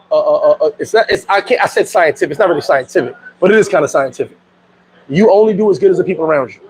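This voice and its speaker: Give me a middle-aged man from New York with a high voice, chatting on a livestream in loose slang and laughing a lot. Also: vocal fry, a little hiss or hum, low-quality recording. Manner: animated and slangy, laughs often. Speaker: vlogger. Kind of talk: casual livestream chat, reading comments.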